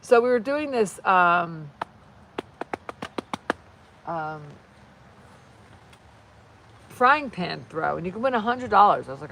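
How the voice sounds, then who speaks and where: A woman's voice: fairly low pitch, expressive, takes it slowly, vocal fry, long pauses, sharp tone. A woman hosting a casual live stream outdoors, rambling and chatting while she reads viewer comments aloud. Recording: distant mic with faint background noise.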